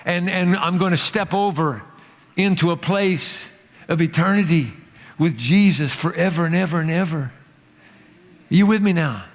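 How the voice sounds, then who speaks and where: A man preaching a sermon as pastor, emphatic, swinging between loud, rising declarations and hushed, slow passages. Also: on the high side, in a large hall. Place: church sanctuary.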